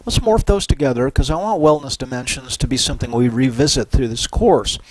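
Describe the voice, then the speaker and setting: A middle-aged man giving a university psychology lecture in a relaxed, conversational way, often tagging on "right?" and "you know". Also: mid-range voice, fairly quick, poor audio. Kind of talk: recorded lecture.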